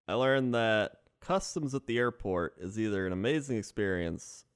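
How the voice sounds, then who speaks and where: Relaxed young man with lively intonation. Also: lowish voice, moderate pace, clear, resonant tone, dry recording, clean studio sound. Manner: laid-back, laughs often, mimics people. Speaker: podcast co-host. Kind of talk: casual chat.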